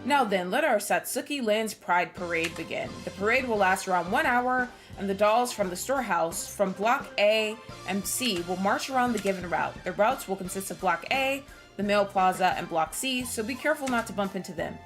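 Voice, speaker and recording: A woman's voice: mid-range voice, lively intonation, normal speed, a bit bright, lightly acted. Girl doing a proud eager announcer girl, formal and a bit stiff, music behind. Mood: announcing. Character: eager young female parade host.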